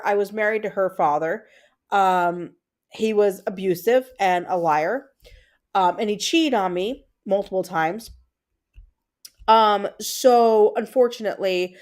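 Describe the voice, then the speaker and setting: Her voice sits in the mid range and sounds a little mellow. This thirty-something livestream host tells a family story conversationally, pausing to respond to comments from her chat.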